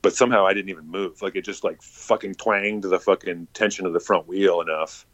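A man's voice: sits low, fairly even intonation, fairly quick, a bit bright, no room sound, lo-fi sound. A man telling a casual, rambling story full of swearing and filler words.

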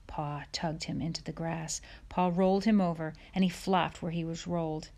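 A woman narrating an audiobook chapter in a measured, soft storytelling manner. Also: low-pitched, steady tone. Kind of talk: audiobook reading.

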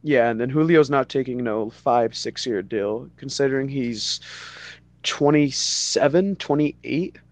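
A man's voice: mid-range voice, a little slow, no echo. A man co-hosting a casual sports podcast, talking loosely with a lot of "you know" fillers. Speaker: podcast co-host.

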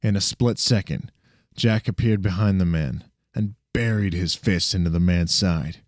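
Amateur male story reader, deep, dark tone, dry close sound, frequent restarts. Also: moderate pace, no room sound. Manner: frequent restarts and self-corrections. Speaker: narrator.

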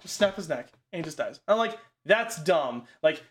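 Man, somewhat high voice, rambling, casual swearing, lots of "like", relaxed chat about a movie. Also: fast.

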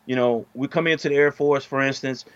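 A middle-aged man telling a story in casual podcast chat, profane and animated, his voice jumping up when he gets heated. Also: medium pitch, a little fast, no echo, dull audio. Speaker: podcast co-host.

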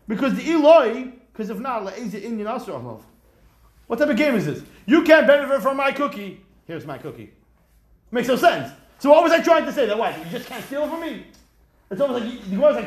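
A man teaching a Talmud study class, animated and rhetorical, acting out examples as he explains. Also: extremely high pitch. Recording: echoey room.

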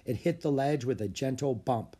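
Expressive man reading a children's book. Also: medium pitch, normal speed, husky. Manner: expressive, story-telling delivery. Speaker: audiobook narrator. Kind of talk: children's book read aloud.

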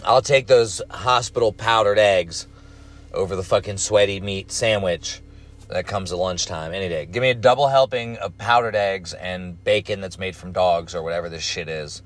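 A man's voice: low voice, normal speed, a bit bright. A young man telling a casual story in a blunt, rambling way, swearing constantly.

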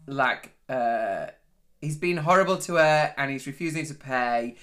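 Bright-voiced Yorkshire woman. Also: very deep voice, lively intonation, a little slow. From Yorkshire, England. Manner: self-deprecating, laughs at her own stories. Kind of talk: casual chat.

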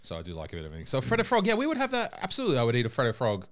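A man's voice: medium pitch, wildly swooping pitch, very fast, fairly bright tone. A young Australian man with an Australian accent, co-hosting a podcast in casual chat, joking and swearing freely. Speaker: podcast co-host.

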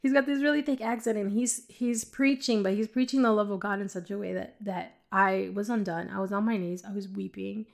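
A woman's voice: mid-range voice, fairly even intonation, a little fast, creaky, hardly any pauses. A woman giving a casual personal faith testimony as a podcast host, rambling and joking with frequent laughs. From New York City. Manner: rambling, joking, laughs often between phrases.

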